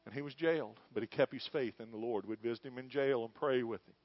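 Pastor preaching, folksy storytelling, dry dull lo-fi recording. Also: male voice, mid-range voice, quick pace, dry recording. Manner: storytelling, building to fervent shouting. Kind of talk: sermon.

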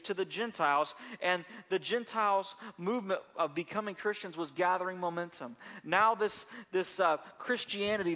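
A man preaching a sermon and praying as a pastor, often halting and repeating words and slowing down on key phrases. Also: a little high, long reverb tail, dull audio.

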